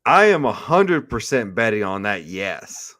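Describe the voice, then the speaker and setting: A man's voice: fairly low pitch, very animated, unhurried, bright, forceful tone. A man co-hosting a sports betting podcast, talking eagerly with stammering restarts. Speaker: podcast co-host. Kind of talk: casual sports betting chat.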